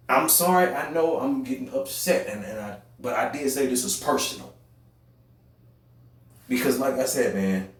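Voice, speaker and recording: A young man speaking African American Vernacular English gives a heated, preachy monologue, repeating phrases and swinging between loud and quiet. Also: medium pitch. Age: young adult. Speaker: podcast host. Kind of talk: impassioned monologue. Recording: very echoey room, voice far from mic.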